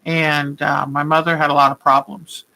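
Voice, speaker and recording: An older woman hosts a quilting video and chats casually and warmly with her viewers during a live stream, greeting them by name and wandering into rambling asides. Her voice is low, with a level tone, a moderate pace and some vocal fry. The recording quality is poor.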